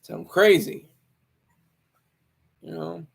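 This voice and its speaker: A Marine Corps veteran speaks in a casual, rambling monologue, opinionated and often stopping to correct himself. His voice is fairly high, creaky and husky, with fairly even intonation and a slow pace.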